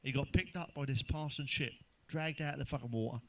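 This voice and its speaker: Speaking fairly quickly with some vocal fry, a middle-aged man of medium pitch does a stand-up routine. His jokes are crude and full of swearing, the delivery rambles, and he chuckles whenever he lands a punchline.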